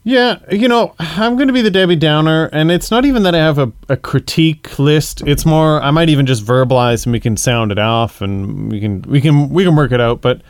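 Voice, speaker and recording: Slightly high-voiced podcast co-host man. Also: clean tone, dry recording, clean studio sound. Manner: quick backchannels and laughs. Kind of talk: casual movie podcast chat.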